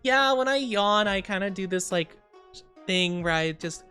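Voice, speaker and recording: A woman's voice: mid-range voice, lively intonation, measured pace, a bit bright, soft background music. A woman streamer chatting casually with her live chat, rambling and giggling often, tired and yawning. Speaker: VTuber streamer.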